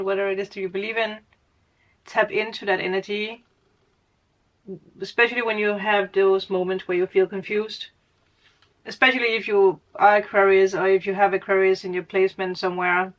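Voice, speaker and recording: A woman's voice: mid-range voice, dull audio. A woman giving a casual spiritual reading as a tarot reader, rambling, laughing often and correcting her own words. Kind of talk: casual spiritual guidance monologue.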